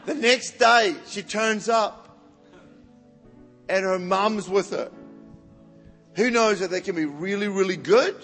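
An evangelist with a high-pitched, fairly bright voice tells stories animatedly in his sermon, often repeating words as he starts over. The recording comes from a reverberant hall with faint music behind him.

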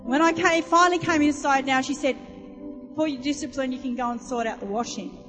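A woman preacher with a high voice, telling homely stories and calling out questions to her listeners. Her voice rings with a long hall reverb. Music plays clearly underneath. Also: fairly quick, fairly bright tone. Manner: chatty storytelling, asks the audience questions. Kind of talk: sermon.

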